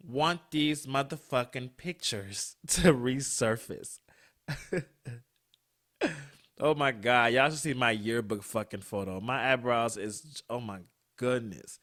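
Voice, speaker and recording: A man in his twenties hosting a solo podcast, swearing constantly and swinging between heated outbursts and low mutters. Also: unhurried, a bit bright. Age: 20s. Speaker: podcast host.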